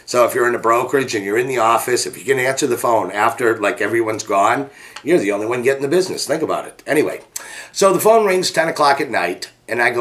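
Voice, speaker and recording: A middle-aged man, a business coach, telling an energetic, animated motivational story. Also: quick pace. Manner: energetic, animated, jumps pitch to act out quotes.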